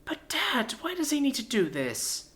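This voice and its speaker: A man's voice: wildly swooping pitch, measured pace, a bit bright, heavily acted. A man putting on a pleading young daughter. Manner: pleading, high and tearful. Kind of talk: storybook narration.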